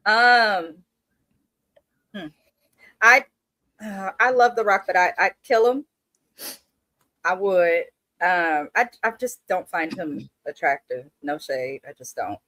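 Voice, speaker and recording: A woman's voice: on the low side, takes it slowly, pauses often, pushed and bright, no echo. A woman co-hosting a casual live-stream chat, speaking bluntly and candidly with frequent restarts. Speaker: co-host.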